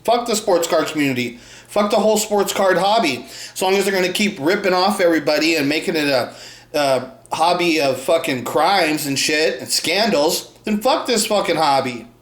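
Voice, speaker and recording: A man's voice: fairly high pitch, lively intonation, normal speed, fairly bright tone. A man co-hosting a podcast, ranting in a heated, contemptuous way and swearing constantly. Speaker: podcast co-host. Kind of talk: angry profane rant. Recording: echoey room.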